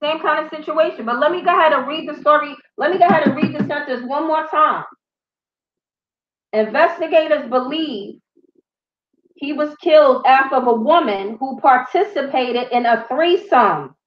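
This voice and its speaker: A young woman giving crude, profanity-filled commentary on a news story, telling it in an animated way. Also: high voice, normal speed. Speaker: vlogger. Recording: roomy, slightly dull home recording.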